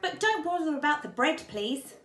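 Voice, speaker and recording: A greedy but good-natured male bear from a storybook, as a woman puts him on, pitched up high and eager. The voice sits fairly high overall. It sounds echoey, as in a bare room. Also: sing-song, normal speed, a bit bright.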